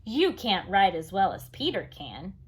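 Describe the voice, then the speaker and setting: A woman's voice: medium pitch, big pitch swings, unhurried, breathy edge, heavily acted. A woman voicing a matter-of-fact advertising man in a read-aloud storybook. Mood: firm. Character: slightly pushy adult male ad man.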